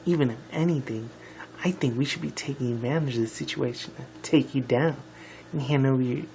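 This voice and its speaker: A stern young unicorn scholar who fires off pointed questions in a raised, higher voice, as a man puts her on while reading a fan story. A faint hiss sits under the recording. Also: a little fast, creaky, darkish tone, close to an everyday voice, low-quality recording. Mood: suspicious.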